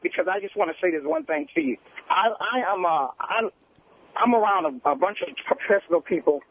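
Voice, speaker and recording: A male caller talks over a thin, tinny phone line with a high-pitched voice. He is earnest and halting. He restarts his sentences often as he presses his point. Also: animated, slight background noise. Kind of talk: radio call-in complaint.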